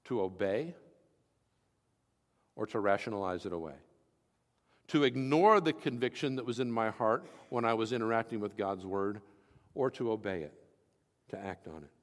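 A man's voice: on the low side, animated, normal speed, long pauses, in a large hall. A man preaching as pastor, reading scripture and explaining it with everyday examples in an earnest teaching tone. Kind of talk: sermon.

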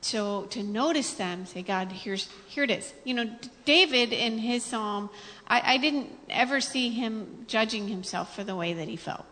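A woman's voice: fairly high pitch, normal speed, pushed and bright. A woman sharing an earnest, conversational sermon as co-pastor. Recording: long hall reverb.

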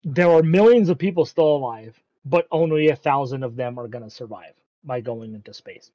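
A man's voice: medium pitch, moderate pace, mellow, no room sound, dull audio. Rambling man recapping an anime, casual. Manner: rambling, many ums, swears casually.

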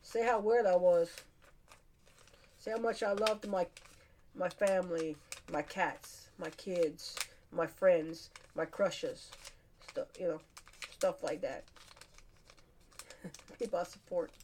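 A woman's voice: on the low side, steady tone, slow, pauses often, darkish tone, slight background noise. A woman hosting her podcast, chatting casually, rambling and laughing often. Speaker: podcast host. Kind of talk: casual solo chat.

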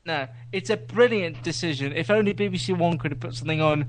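A man co-hosting a podcast, chatting casually and trading opinions and jokes. His voice sits a little higher than most men's. A faint hum runs under the recording. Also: quick pace, rough recording. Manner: opinionated, joking. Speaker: podcast co-host. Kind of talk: casual chat.

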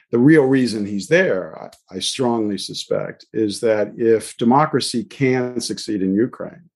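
Low-voiced, halting male panelist. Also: darkish tone, slightly rough. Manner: halting, hesitant, with many uh fillers. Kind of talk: policy panel discussion.

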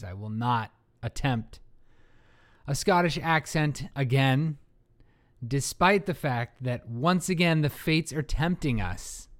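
A man co-hosting a board game podcast, chatting casually in a joking, rambling, self-mocking way. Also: a little high. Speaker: podcast co-host. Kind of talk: casual chat about board games.

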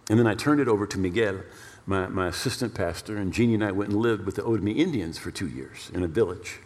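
A male pastor preaching a storytelling sermon in an animated way, repeating words for emphasis. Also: lowish voice, fast talker. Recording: long reverb of a large hall.

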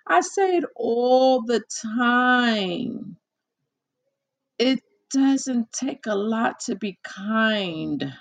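A woman giving a casual spoken monologue, unhurried and gravelly. She repeats herself, restarts her sentences and acts out what people said. The delivery is loose and conversational. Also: on the high side, lively intonation. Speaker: commentator.

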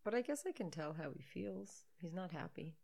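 A woman's voice: lowish voice, lively intonation, moderate pace, gravelly, darkish tone. Giggly sarcastic woman podcast host. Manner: giggly, sarcastic, riffing with frequent laughs. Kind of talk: casual movie commentary chat.

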